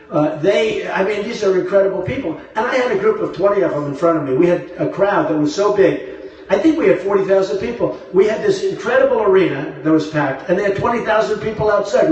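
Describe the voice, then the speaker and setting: A man's voice: sits high, a little mellow, highs cut off, slight background noise. A man giving a rambling, boastful campaign rally speech, repeating himself, heard through a phone from the crowd in a large arena. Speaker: political candidate. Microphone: phone livestream from the crowd. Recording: very echoey arena from far off.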